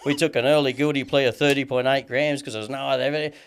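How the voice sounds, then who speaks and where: A man's voice: medium pitch, steady tone, rapid-fire, clear, resonant tone. An Australian man telling a long story in casual chat as a podcast guest, swearing heavily and rambling with lots of "you know what I mean".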